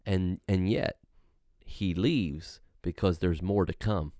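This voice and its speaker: Deep-voiced man, earnest and emphatic. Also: slow, warm tone, dry recording, studio quality. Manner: earnest, emphatic, repeats phrases for effect. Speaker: podcast co-host. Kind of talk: casual Bible discussion.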